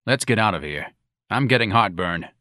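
A bored company owner, as a male reader plays him, brushing things off in a flat, unbothered way and close to the narrator's own voice. The sound is close and dry. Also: on the low side, normal speed, no echo. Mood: weary. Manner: bored, dismissive.

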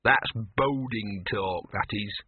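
Storybook talking dog, male, scruffy and cynical, dry grumbling asides read by a man, husky, tinny phone-band sound. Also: fairly low pitch, slow, dry recording.

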